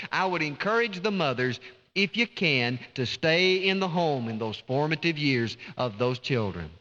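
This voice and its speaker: A man's voice: on the high side, pushed and bright. A man preaching a sermon, fervent and drawn out on key words, recorded in a church. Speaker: pastor. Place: church sanctuary. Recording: dull, reverberant church recording.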